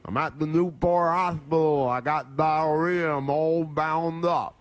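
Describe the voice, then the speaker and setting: A man impersonating a crude, rambling older man, talking slowly with slurred, odd phrasing in a dry, close recording. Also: fairly high pitch, steady tone, no room sound, natural voice.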